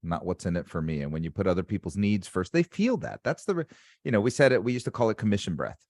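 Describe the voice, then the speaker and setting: A man's voice: lowish voice, animated, fast talker, darkish tone, no echo, clean studio sound. A man hosting a casual interview as a sales coach, talking in an emphatic, motivational way. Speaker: sales coach and podcast host.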